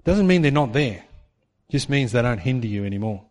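A man preaching a sermon in an animated way, acting out the voices of people in his stories. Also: mid-range voice, brisk. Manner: animated, acts out quoted voices. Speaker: pastor. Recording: long hall reverb.

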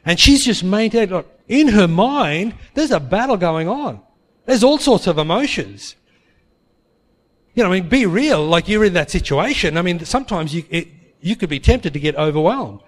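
A man's voice: sits high, expressive, moderate pace. A man preaching a sermon as a pastor, telling a story earnestly, repeating phrases for emphasis and calling out to the congregation.

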